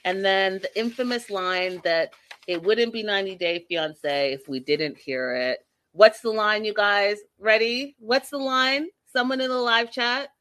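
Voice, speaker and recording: A woman hosting a casual live-stream recap of a reality show, talking to viewers in a sassy, animated, exasperated way. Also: medium pitch, unhurried, no echo.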